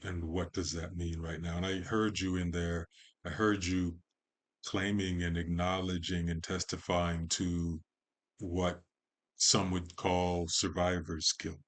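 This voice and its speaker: A man with a very low voice speaks slowly and carefully in conversation. He is a podcast guest who talks in a poetic, reflective way. He lingers on each word of a long list. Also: little pitch movement. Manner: measured, poetic, lingering on lists of words.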